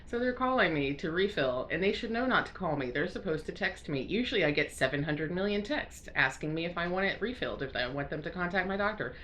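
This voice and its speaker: A woman's voice: lowish voice, expressive, fast talker, hardly any pauses, a bit bright, slight background noise. A woman from the United States chatting casually to camera, rambling with lots of fillers and restarts, laughing often and sounding congested. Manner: frequent self-conscious laughter. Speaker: crafting vlogger.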